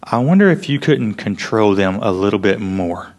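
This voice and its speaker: A man preaching a sermon in an earnest storytelling way, often dropping to a hush for emphasis. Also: lowish voice, lively intonation, moderate pace. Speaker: pastor.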